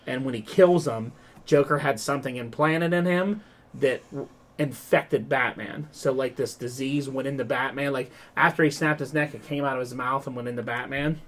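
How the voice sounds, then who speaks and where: A man hosting a podcast, retelling a story in a rambling, animated way, with lots of "like" and "um". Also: medium pitch, moderate pace. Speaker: podcast host. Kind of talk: casual podcast chat.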